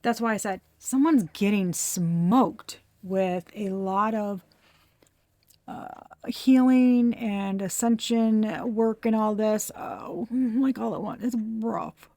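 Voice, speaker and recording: Woman tarot reader, casual and blunt, swears a lot, mid-pitched, dry close recording. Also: slow, mellow, dry recording. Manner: blunt and profane, laughing often.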